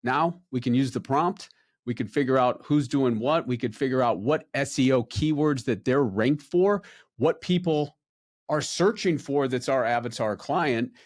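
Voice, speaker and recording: A man's voice: medium pitch, moderate pace. A man hosting a podcast, explaining ideas to his listeners in an easygoing, conversational way. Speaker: podcast host, wealth advisor. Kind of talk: podcast interview.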